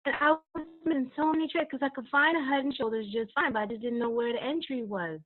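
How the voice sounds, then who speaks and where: A gushing woman in her thirties speaks at a fairly high pitch over a tinny, phone-like line. She laughs often and fights back tears as she talks from home. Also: fast. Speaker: caller. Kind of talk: emotional call-in thanks. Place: home, dim room.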